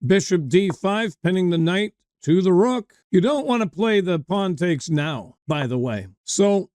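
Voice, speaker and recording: Chatty male chess coach, fairly high voice, dry recording, talks straight to viewers. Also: animated, a little slow, a little mellow, dry recording. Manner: chatty, digresses into anecdotes, addresses viewers. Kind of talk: chess game commentary lesson.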